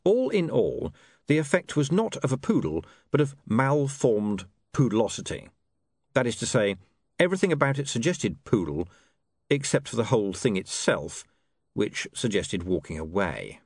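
A male narrator reads a comic fantasy audiobook in a dry, wry manner. His pitch moves with lively, animated contours. The recording is close and dead, with no room sound. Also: moderate pace, breathy edge, dry recording. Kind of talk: scripted narration.

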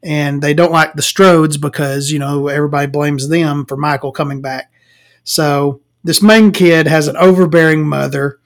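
A man's voice: a little high, fairly even intonation, normal speed. A man ranting about a movie in a rambling, sarcastic, profane way, laughing at his own jokes. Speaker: movie reviewer. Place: home recording, eating and drinking.

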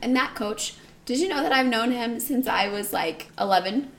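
A woman co-hosting a podcast in casual chat, blunt and joking in quick banter. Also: fairly high pitch, vocal fry, a bit bright. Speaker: podcast co-host.

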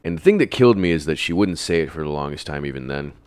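A man's voice: a bass voice, lively intonation, quick pace, darkish tone, clear, resonant tone, no room sound. A young man in casual chat, telling a long personal story in a rambling way, swearing freely and laughing often. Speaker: podcast guest telling a story.

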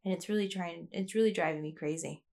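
A woman's voice: on the low side, fast talker, vocal fry, a little mellow. A woman talking in a rambling, candid way, as a vlogger sharing a personal rant. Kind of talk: casual confessional monologue.

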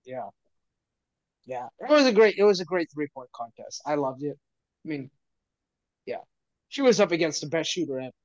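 A man's voice: on the high side, very animated, moderate pace, pauses often, no echo. A man co-hosting a podcast, telling a story in casual chat with lots of laughter and restarts. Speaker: podcast co-host. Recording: dry, slightly muffled lo-fi audio.

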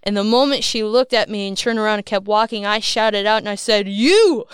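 A woman's voice: mid-range voice, little pitch movement, a little fast, clean tone, no echo, clean studio sound. A woman, a guest on a Christian program, telling at length about a dream she had, in a rambling, earnest way with self-conscious laughs. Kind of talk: casual storytelling.

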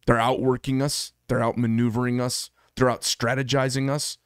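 A man's voice: mid-range voice, flat delivery, normal speed, clean tone, no echo. A middle-aged American man who makes knives holds forth on his own, blunt and combative, swearing freely. His voice sits in an ordinary middle register. The sound is close and dry, with no room around it. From United States. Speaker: knife maker and channel host. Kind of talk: solo monologue to camera.

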